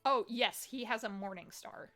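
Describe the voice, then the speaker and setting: A woman's voice: fairly high pitch, moderate pace, fairly bright tone. A woman running a tabletop game as game master, describing scenes in a chatty, descriptive way with many fillers.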